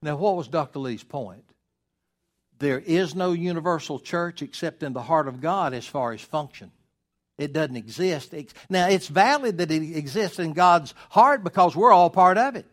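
Emphatic preacher, higher voice. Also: male voice. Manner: emphatic, with rhetorical questions and slowed stresses. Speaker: pastor. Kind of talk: sermon.

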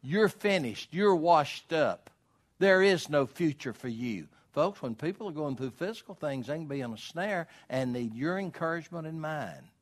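A man preaching a sermon as pastor, swinging from loud calls to quiet storytelling. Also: a little high, expressive, normal speed, hardly any pauses. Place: church.

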